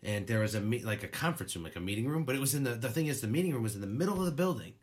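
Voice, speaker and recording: Man, podcast co-host, casual chat, rambling, laughs a lot, swears, mid pitch. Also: animated, very fast.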